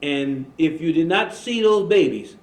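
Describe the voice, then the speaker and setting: A man hosting a religious talk show, preaching in a slow, emphatic way with repeated phrases. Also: a little high, lively intonation, reverberant, poor audio. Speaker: imam and show host. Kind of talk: religious talk radio conversation.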